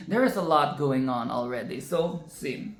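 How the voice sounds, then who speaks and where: A woman with a bass voice hosts a casual singing tutorial, speaking in an animated way at a moderate pace. She's chatty, interrupts herself, and often breaks into sung and exaggerated vocal demonstrations. The room sounds echoey.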